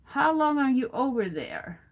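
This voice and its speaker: A middle-aged woman hosting an art journaling livestream, chatting warmly with viewers by name and reading their comments aloud while she works. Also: high-pitched, very animated, unhurried. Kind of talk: casual chat while crafting.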